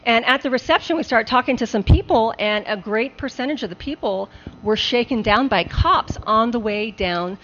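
A woman telling a comic story on a live show, animated and laughing often. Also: fairly high pitch, moderate pace. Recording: dull lo-fi live recording with faint hiss.

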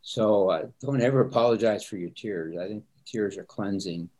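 A man's voice: fairly low pitch, normal speed, warm tone. A middle-aged man, a pastor, speaking earnestly and reflectively in a conversation, often repeating words as he starts sentences. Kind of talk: conversational interview answers.

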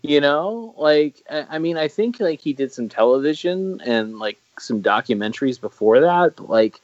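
A man's voice: medium pitch, expressive, moderate pace, darkish tone, no room sound. A man chatting casually on a podcast about films, rambling and enthusiastic, often restarting his sentences. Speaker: podcast co-host. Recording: dull lo-fi sound.

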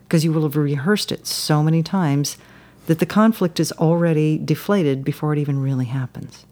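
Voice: medium pitch, normal speed, darkish tone. Rambling podcast guest telling a story. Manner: rambling, many restarts and "you know"s. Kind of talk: casual storytelling interview.

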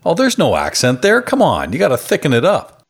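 A man's voice: a little high, wildly swooping pitch, a little fast, creaky. A man with a Canadian accent hosting a podcast interview in an upbeat, practiced way. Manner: upbeat, talks for a living. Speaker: podcast host.

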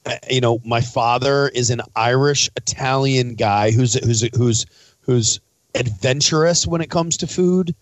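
Profane, animated chef with a crisp dry voice. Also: male voice, medium pitch, measured pace, no room sound. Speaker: chef and podcast host. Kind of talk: casual chat and host-read ad.

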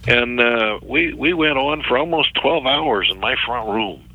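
A middle-aged man, a ministry worker, recounting a story as an interview guest in a halting way, often repeating words. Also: mid-range voice, lively intonation, dry recording, phone-quality sound.

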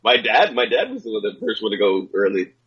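Husky, joking man on a dull line. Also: fairly low pitch, sing-song, fairly quick, fairly bright tone. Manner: joking, swears casually. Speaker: podcast co-host. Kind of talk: casual chat.

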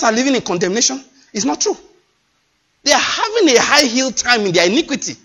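A man preaches with fervor, his voice high and swinging widely in pitch. He leans on his points and repeats phrases for emphasis, with a husky edge. The recording is dull and lo-fi. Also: very animated, fairly quick, a bit bright. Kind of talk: sermon.

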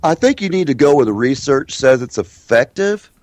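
A middle-aged man, a hypnosis trainer and guest, telling stories in an animated way and acting out the voices of the people in them. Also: medium pitch, moderate pace, no echo. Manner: lively, acts out the voices of people in his stories. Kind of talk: animated storytelling in a podcast interview.

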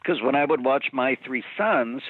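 Male voice actor, animated storyteller, heard over a thin, dry telephone line. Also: mid-range voice, moderate pace, slightly rough, dry recording. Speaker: voice actor guest. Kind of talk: phone interview storytelling. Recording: dry tinny phone line.

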